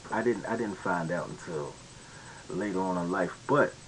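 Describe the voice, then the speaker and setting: A man's voice: sits low, normal speed, slight background noise, poor audio. Rambling, slangy male commentary host. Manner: rambling, slangy, many restarts. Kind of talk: casual commentary monologue.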